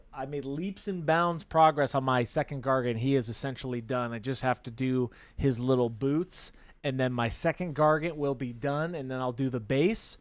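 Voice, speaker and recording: A man's voice: medium pitch, no echo. A man co-hosting a hobby painting livestream, teasing his co-host and laughing often, with playful announcer bits. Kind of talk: casual banter on a painting livestream.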